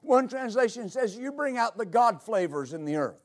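A high-pitched man preaching a sermon as pastor of his church. He hammers home key lines by repeating them, his delivery rising to emphatic peaks. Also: very animated, normal speed.

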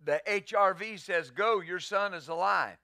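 A man preaches a sermon in a notably high and bright voice, pressing each point with rhetorical questions. The sound is close and dry, with no room around it. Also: unhurried, creaky, dry recording. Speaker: pastor.

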